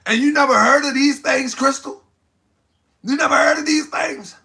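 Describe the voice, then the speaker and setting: High, gravelly livestream host, man. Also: moderate pace, sharp tone. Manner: exclaiming, laughing often, talking to viewers. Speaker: host of an online talk channel. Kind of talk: livestream commentary to a chat.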